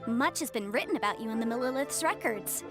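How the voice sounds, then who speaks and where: An actress playing a sharp, confident young legal advisor in a game, speaking in a bright, inquisitive, self-assured way. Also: female voice, a little high, animated, quick pace, over loud music, close to an everyday voice. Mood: curious. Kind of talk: game character dialogue.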